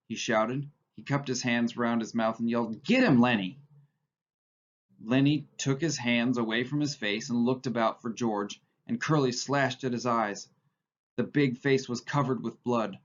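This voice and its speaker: A man's voice: medium pitch, muffled recording. A male teacher reading a novel aloud in a plain manner, often stopping to correct himself.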